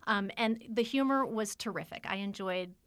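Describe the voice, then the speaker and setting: A woman's voice: medium pitch, moderate pace, fairly bright tone, smooth, no echo. A woman co-hosting a casual book discussion, chatty and self-deprecating, laughing often. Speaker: podcast co-host.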